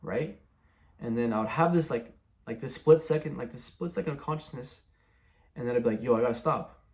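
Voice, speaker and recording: A man's voice: medium pitch, a little fast, a little mellow. A young man telling his personal testimony in a casual, rambling way, filling his talk with "like" and "bro". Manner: rambling, many fillers like "like" and "bro". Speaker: testimony speaker.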